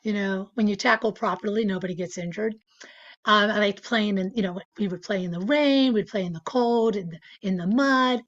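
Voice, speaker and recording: A woman's voice: medium pitch, moderate pace, lo-fi sound. A woman in her sixties, chatting casually as an interview guest, with lots of fillers and frequent laughter. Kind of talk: casual storytelling.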